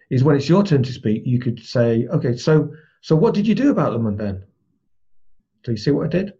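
A man's voice: mid-range voice, warm tone, husky. A man giving a conversational lesson on building rapport, explaining through everyday examples. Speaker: trainer. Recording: dull lo-fi recording.

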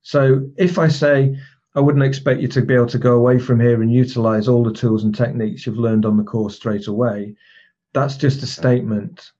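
Man, trainer, teaching lesson, husky, mellow tone, explanatory, lo-fi recording. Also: medium pitch, steady tone, moderate pace. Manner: explanatory, with frequent restarts and demonstration phrasing.

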